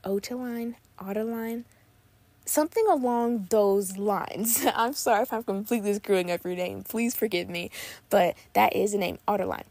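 A woman's voice: medium pitch, normal speed, darkish tone, dry recording. A young adult woman hosting a casual podcast, gushing and bubbly, with lots of "literally" and "like" filler. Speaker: podcast host.

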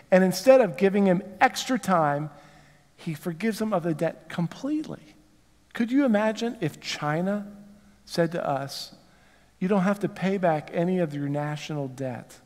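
Southern male pastor, high voice, conversational sermon, long church reverb. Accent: Southern American. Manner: conversational, asks the congregation rhetorical questions. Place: church sanctuary.

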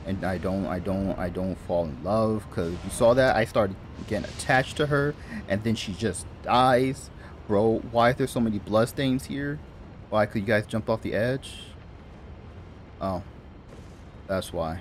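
A man's voice: fairly low pitch, unhurried, slight background noise. A man playing a video game and commenting casually, talking to the characters and laughing to himself. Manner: animated, talks to the game, mutters and laughs. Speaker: gaming YouTuber. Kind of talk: casual let's-play commentary.

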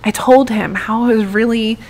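A woman's voice: on the high side, fairly even intonation, normal speed, a little mellow. Chatty, swearing American woman gamer. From United States. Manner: chatty and rambling, swears freely. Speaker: gaming YouTuber. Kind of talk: casual gameplay commentary.

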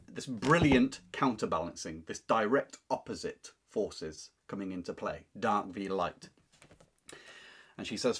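Husky man explaining a play. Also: on the low side, animated, a little slow. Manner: emphatic, paraphrasing line by line. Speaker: literature teacher. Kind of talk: explanatory lesson.

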